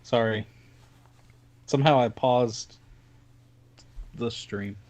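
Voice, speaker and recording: Male co-host, casual, half-focused on a game, halting speech. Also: medium pitch, a little mellow. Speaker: podcast co-host. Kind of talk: casual chat while gaming.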